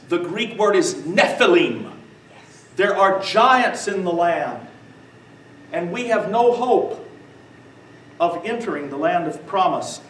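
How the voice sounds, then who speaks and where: A man's voice: sits high, expressive, takes it slowly, pauses often, fairly bright tone. A man giving a church adult-education lecture, quizzing his live audience with "what?" prompts and chuckling through his stories. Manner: chuckles while telling stories. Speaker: visiting lecturer on the New Testament. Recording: echoey room from far off, faint noise.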